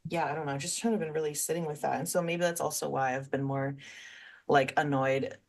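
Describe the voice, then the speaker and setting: A woman's voice: low voice, level tone, a little fast. A woman guest on a podcast talking in a heartfelt, rambling way in casual conversation, with some swearing.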